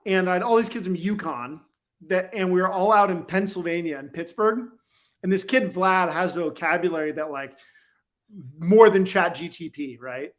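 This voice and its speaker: Guy on a podcast with a pretty high voice, rambles a lot, keeps saying like and you know. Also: moderate pace. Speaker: guest. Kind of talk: casual storytelling. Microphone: podcast microphone.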